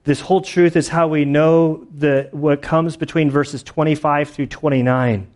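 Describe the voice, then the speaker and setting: A man's voice: a little high, fairly even intonation, unhurried, a little mellow. A man teaching through a Bible passage in a casual, rambling way, full of filler words, restarts and the occasional laugh. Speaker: pastor.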